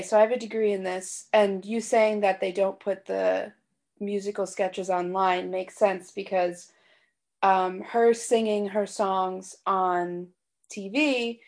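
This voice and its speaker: A woman's voice: mid-range voice, creaky. A woman guest on a podcast, chatting casually and explaining things in a knowledgeable way. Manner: knowledgeable, explains at length with little laughs. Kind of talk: casual chat.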